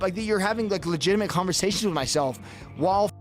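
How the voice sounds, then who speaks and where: A man's voice: high-pitched, animated, quick pace, faint music behind. Man telling a tense survival story. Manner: intense, reenacting his own panic. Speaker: podcast guest. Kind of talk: dramatic storytelling.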